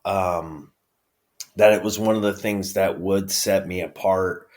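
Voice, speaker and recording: A man from upstate New York with a New York accent, chatting casually as an interview guest, laughing often and filling pauses with ums. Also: deep voice. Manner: relaxed, laughs often, many fillers. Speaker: guest, pro wrestler.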